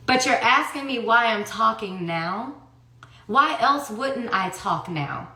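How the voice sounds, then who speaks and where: A woman in her thirties pours out her side of the story in a fiery, profane rant. She throws out one sharp rhetorical question after another. Her bright, slightly high voice rings around an echoey room. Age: 30s. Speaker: livestreamer telling her story. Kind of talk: heated personal monologue. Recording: roomy echo.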